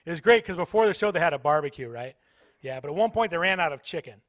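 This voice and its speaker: A man's voice: a little high, expressive, fast, fairly bright tone, no room sound. A man doing stand-up comedy at a church, playfully teasing the audience. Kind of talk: stand-up comedy with crowd work. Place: church stage.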